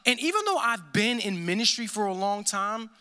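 A pastor delivering a sermon, emphatic and repeating phrases, often dropping to a hushed, intense tone. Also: male voice, sits high, lively intonation, moderate pace, smooth.

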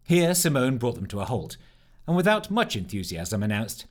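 A man reads a storybook aloud, with a lively, swinging pitch and an expressive, animated delivery. He narrates steadily, rising and falling through the sentences. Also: moderate pace.

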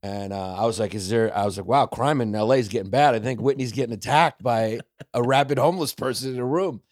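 A man from Brooklyn, a comedian guest on a podcast, telling stories in quick, joking, profane chat. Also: medium pitch, dry recording, studio quality. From Brooklyn, New York. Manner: quick, joking storyteller, swears freely.

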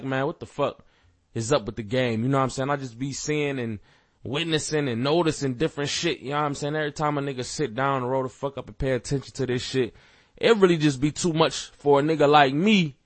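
A man's voice: mid-range voice, dry recording. A man hosting a podcast, ranting casually with heavy profanity and rambling fillers, growing heated. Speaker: podcast host. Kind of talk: casual rant.

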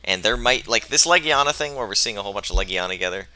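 Low, bright-toned man in laid-back chat. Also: expressive, rapid-fire, no room sound. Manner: laid-back, laughing, argumentative. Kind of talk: casual chat about a video game.

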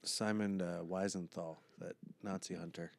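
A man co-hosting a comedy podcast, delivering ironic jokes in a deadpan way. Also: low-pitched, moderate pace, gravelly, no room sound. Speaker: podcast co-host. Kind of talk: satirical comedy banter.

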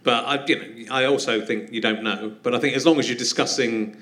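A man's voice: mid-range voice, fairly quick, fairly bright tone. A man hosting a live podcast, talking about his interests in an earnest, chatty and reflective way. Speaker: podcast host.

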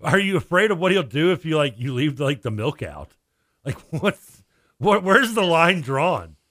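A man's voice: fairly high pitch, big pitch swings, a bit bright, no room sound, clean studio sound. A man co-hosting a sports radio show, firing off incredulous questions in casual chat. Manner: incredulous, rapid questions, frequent laughs and "I mean". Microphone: studio microphone.

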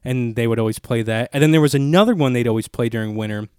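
A man's voice: medium pitch, quick pace, a little mellow, smooth, no echo, clean studio sound. A man hosting a casual podcast, rambling, joking and reading a sponsor spot. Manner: laid-back, rambling, joking. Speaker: podcast host. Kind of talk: casual podcast chat with ad reads.

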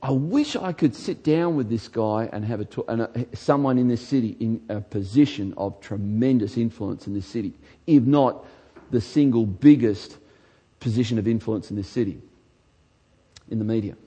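A man who is a pastor, delivering an emphatic sermon in a church and rising to shouts on key lines. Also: mid-range voice, moderate pace, husky.

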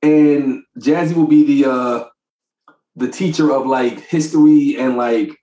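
A man co-hosting a podcast, telling stories about his kids in a casual, animated way and laughing often. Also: medium pitch, measured pace, roomy sound, poor audio. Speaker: podcast co-host. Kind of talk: casual chat.

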